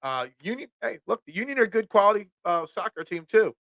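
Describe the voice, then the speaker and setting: Bright-voiced sports host. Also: male voice, sits high, big pitch swings, fast talker, no room sound. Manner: upbeat, rambling, reads and reacts to viewer comments. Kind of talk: casual live-stream sports chat. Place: home room full of sports memorabilia.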